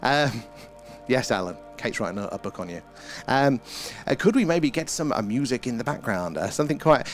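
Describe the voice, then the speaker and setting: A man's voice: medium pitch, big pitch swings, normal speed. Chatty British man hosting a live stream. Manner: chatty, greets and thanks viewers by name, mild swearing. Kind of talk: casual live-stream chat. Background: faint ambient music.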